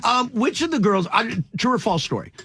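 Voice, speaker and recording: A man hosting a morning radio interview, asking halting questions with many restarts. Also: very high voice, very animated, bright, forceful tone, breathy edge, no room sound. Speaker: radio host.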